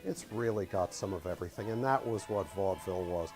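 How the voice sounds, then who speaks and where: A man talking about a vaudeville show on the radio in a relaxed, lightly amused way. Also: low voice, fast talker. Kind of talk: radio talk about a production.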